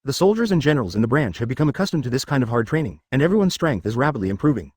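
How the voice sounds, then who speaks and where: A computer-generated male voice narrating an audio story, quick and lively in pitch. The reading is even and mechanical, with occasional odd misreadings, and the sound is dry and close. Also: husky, no echo.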